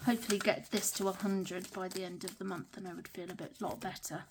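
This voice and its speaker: A woman's voice: medium pitch, little pitch movement, fairly quick, noisy background. A young British woman chatting casually while counting cash into budget envelopes, often murmuring numbers under her breath. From Britain. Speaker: budgeting vlogger.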